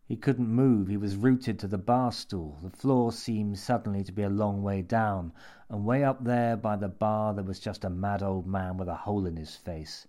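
Brief: male narrator for a dark audio tale, low-pitched, measured delivery. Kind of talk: scripted horror narration.

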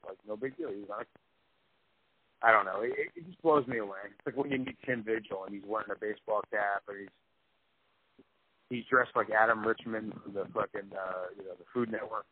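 Rambling, profane man on a tinny line. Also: on the low side. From Tampa, Florida. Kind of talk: casual chat. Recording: phone-like audio with faint noise.

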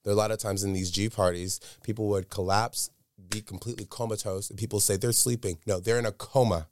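A man's voice: lowish voice, fairly even intonation, fast talker, darkish tone, no echo, clean studio sound. A man speaking as an interview guest, telling a candid personal story in an earnest, emphatic way and repeating words for stress.

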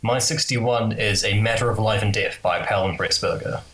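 A man co-hosting a casual film-ranking chat, hesitant and stammering, often pausing with "uh". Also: on the low side, a bit bright, a little hiss or hum, low-quality recording. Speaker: podcast co-host.

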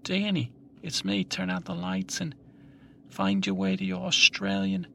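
Guy putting on a high flirty aussie woman, breathy singsong falsetto, gravelly. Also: flat delivery, unhurried, bright, forceful tone, a little hiss or hum, exaggerated voice. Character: flirty Australian woman playing Sandy.

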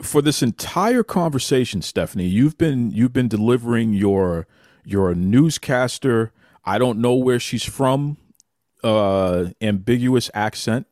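A man hosting a chat show teases his guest in a mock-serious, news-anchor manner. His voice moves up and down in a lively way at a middle pitch, recorded dry and close. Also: measured pace, no echo. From Boston. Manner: playful, teasing, mock-serious. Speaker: podcast host.

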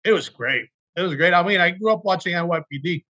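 A man with a high-pitched, sharp voice talks fast as an actor guest in a casual interview chat. He tells earnest, emotional stories from his work, restarting sentences as he goes.

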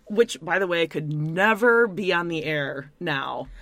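A woman co-hosting a casual chat, reacting quickly and laughing often. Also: fairly low pitch, animated, a bit bright, no room sound. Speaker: podcast co-host.

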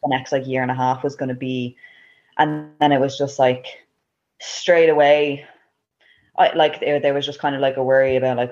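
A woman's voice: extremely low pitch, flat delivery, normal speed, darkish tone, muffled recording. A young Irish woman in her twenties, telling a personal story as a guest in casual chat, with lots of "like" and laughter. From Ireland. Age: 20s. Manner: chatty, full of "like" and laughs.

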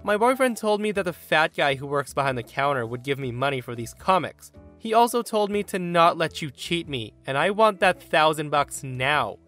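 A man's voice: fairly high pitch, animated, normal speed, hardly any pauses, a bit bright, soft background music. A man voicing a rude, demanding woman in her forties who speaks curtly and pushily in a story podcast. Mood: insistent. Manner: pushy and curt.

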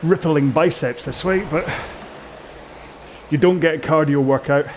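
A man's voice: on the high side, measured pace, a little hiss or hum. A British man coaching a rowing workout indoors, chatting in a rambling, self-mocking way with jokey asides. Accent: British English.

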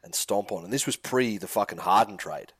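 A man co-hosting a casual podcast, his voice on the low side. The sound is dry and close. He tells stories in a laid-back, joking way and swears casually. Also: brisk, fairly bright tone, husky, dry recording. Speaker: podcast co-host.

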